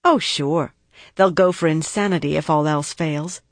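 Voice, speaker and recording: A woman reading the lines of a cautious female prosecutor in an audiobook, deliberate and precise. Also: low-pitched, no echo. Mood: cautioning. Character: guarded, measured female prosecutor, middle-aged.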